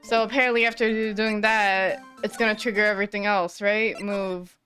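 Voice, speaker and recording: A woman's voice: mid-range voice, steady tone, moderate pace, sharp tone, soft background music. A woman streamer giving casual, mildly exasperated game commentary, swearing now and then.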